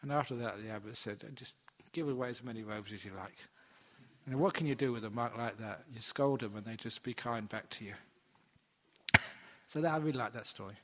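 A man's voice: medium pitch, fairly quick. Man, Buddhist monk, dharma talk, chatty storyteller, voices his characters, long reverb of a hall.

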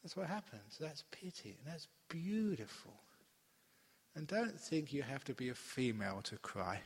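An older man giving a Buddhist dharma talk at a retreat, telling stories in an animated, playful way with laughs and asides. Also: mid-range voice, moderate pace, breathy edge. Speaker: Buddhist monk teaching a retreat. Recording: long hall reverb.

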